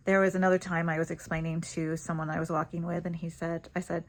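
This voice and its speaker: Woman vlogger, lower-pitched, casual storyteller, animated and quick to laugh. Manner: chatty, animated, laughs easily.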